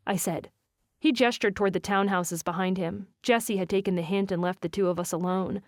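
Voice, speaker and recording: A woman's voice: medium pitch, a little fast, dry recording, studio quality. A woman narrating a romance novel in first person, with a wry, self-mocking inner voice. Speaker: audiobook narrator.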